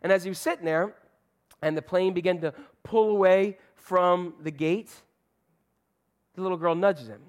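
Conversational pastor telling a story. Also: male voice, sits high, normal speed, pauses often. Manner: conversational, loose, with fillers and restarts. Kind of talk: sermon storytelling.

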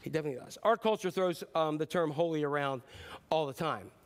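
A man preaches to his church with a lighter, higher voice than most men. He is animated and playful, acting out voices and repeating words for emphasis. It sounds like a pastor's sermon delivered from the pulpit. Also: quick pace. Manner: animated, acts out voices and repetitions.

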